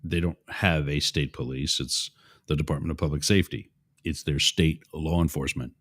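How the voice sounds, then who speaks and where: A man's voice: extremely low pitch, steady tone, moderate pace, fairly bright tone. A man hosting a show, giving opinionated political commentary in a rambling, digressive way with asides to his listeners. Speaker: show host.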